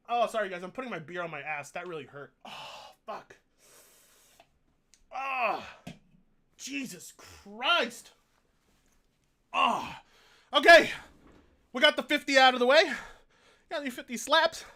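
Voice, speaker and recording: Man, live streamer, high pitched, bright sharp tone, profane, whiny, groaning in pain. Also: big pitch swings, unhurried, long pauses. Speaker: live streamer reading donations. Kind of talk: casual live-stream chat.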